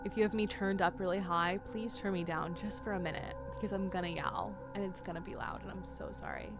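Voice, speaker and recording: A woman streaming a video game live, chatting with viewers and breaking into loud yells and laughter. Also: medium pitch, fast talker, music in the background. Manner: animated, bursts into yelling and laughter. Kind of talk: live gameplay commentary.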